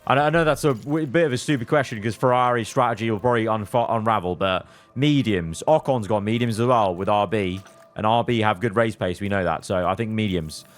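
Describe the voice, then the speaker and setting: This young gaming video creator speaks a little fast while playing a racing management game, chatting to his drivers. His commentary lurches from low muttering to sudden loud outbursts.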